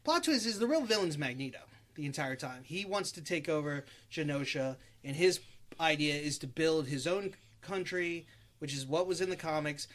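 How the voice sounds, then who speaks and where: Animated opinionated man, high voice. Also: moderate pace. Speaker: podcast co-host. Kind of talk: casual chat about movies.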